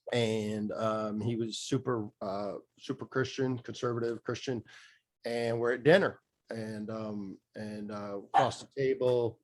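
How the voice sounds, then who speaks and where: A middle-aged man telling his story as a podcast guest, candid and rambling, with many fillers and restarts. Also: medium pitch. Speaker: podcast guest, mindset coach. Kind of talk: casual storytelling interview.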